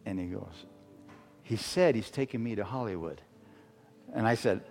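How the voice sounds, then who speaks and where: A man's voice: on the low side, expressive, darkish tone. Preaching man in a reverberant church. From Arizona. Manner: halting storytelling with many fillers and restarts. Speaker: guest preacher. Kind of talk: sermon testimony. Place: church sanctuary. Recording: long hall reverb with faint music.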